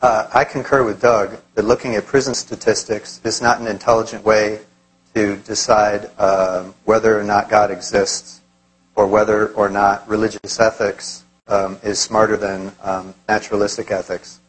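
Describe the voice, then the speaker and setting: A man speaking in a formal debate, measured and rhetorical. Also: lowish voice, flat delivery, slightly rough, faint music behind, rough recording.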